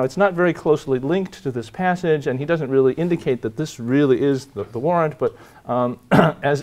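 A man's voice: on the high side, darkish tone. A man giving a university lecture, thinking aloud with frequent fillers, restarts and "right?" checks. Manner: halting, many fillers and restarts; reads quoted passages slowly.

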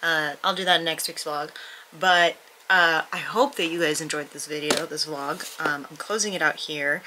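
A woman's voice: low-pitched, steady tone, moderate pace, noisy background. A woman vlogging casually at home, out of breath, rambling with lots of hesitant fillers and restarts. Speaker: book vlogger. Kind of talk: casual vlog chat.

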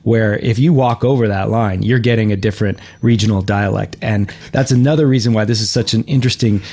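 A man co-hosting a comedy podcast, talking in a deadpan, overly earnest, mock-defensive way into a studio microphone. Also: fairly low pitch, a little fast. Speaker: podcast co-host.

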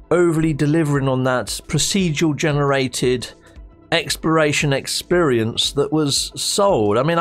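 A man voicing a skeptical interviewer who asks dry, doubtful questions. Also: a little high. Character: skeptical male interviewer quizzing a gamer.

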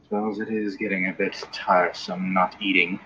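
A man's voice: low voice, little pitch movement, brisk, sharp tone, muffled recording, a little hiss or hum, pitched below the performer's own voice. A man whispering as a weak, wary captive. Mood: weary. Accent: Australian. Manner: faint, weary whisper.

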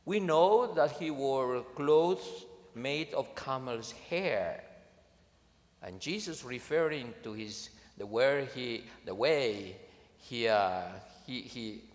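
A male priest delivers a sermon with a lively, swooping pitch and an unhurried delivery. He is emphatic and drops in dry humor. His voice rings through a large, reverberant hall. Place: large conference venue.

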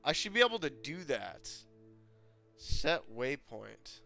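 A man casually commenting while playing a video game, excitable, swearing often, laughing and breaking into sudden loud outbursts. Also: mid-range voice, slow, vocal fry, faint music behind.

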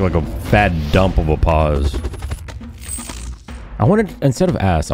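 A man's voice: deep voice, a little mellow. A man giving casual, joking commentary while playing a game, trash-talking enemies in slang. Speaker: let's play gamer. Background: game music and gunfire.

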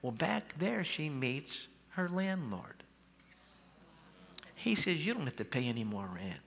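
A man pastor telling a healing story in a sermon, acting out the dialogue and calling on the crowd to shout. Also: a little high, unhurried, gravelly, slight background noise. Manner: animated, acts out quoted dialogue, calls for shouts. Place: large church hall. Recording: live church hall with long reverb.

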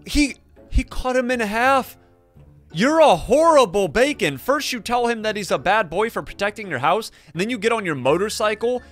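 A young man giving excitable, jokey commentary while playing and narrating a game. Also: a little high. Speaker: gaming YouTuber. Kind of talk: Let's Play commentary. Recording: faint music behind.

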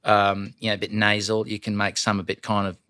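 Guy w a lowish voice, voice actor guest chatting in a studio, lively stories, dry close sound. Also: dry recording. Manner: animated storyteller, drops into quick character voices. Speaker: audiobook narrator and voice actor guest. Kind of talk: casual studio interview chat. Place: podcast studio. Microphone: studio microphone.

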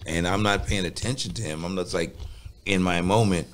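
A man's voice: low voice, steady tone, fairly quick. A man who is a guest on a podcast, telling an easygoing, profane story. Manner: easygoing, swears freely. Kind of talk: casual storytelling chat.

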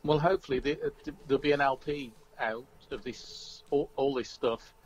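A man, a musician guest talking casually over the phone, relaxed and hesitant with many fillers. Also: mid-range voice, normal speed, husky. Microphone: phone line. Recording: dull phone line audio.

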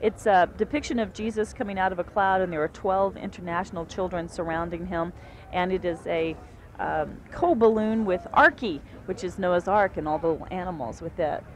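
A woman's voice: lowish voice, normal speed. A woman co-anchoring live outdoor TV coverage of an event, conversational and informative. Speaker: TV news anchor. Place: outdoors at a festival field.

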